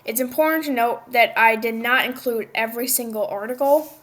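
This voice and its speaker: A woman presenting a language lesson, reading a prepared script in a steady explanatory way, with the odd slip and restart. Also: on the high side, brisk. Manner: reads a prepared script, with small slips and restarts. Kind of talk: scripted educational narration.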